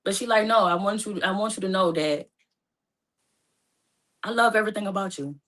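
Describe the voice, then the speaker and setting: A woman's voice: medium pitch, fairly quick, a bit bright. A young woman in an emotional personal storytelling talk, acting out both sides of her phone calls. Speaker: guest telling her story.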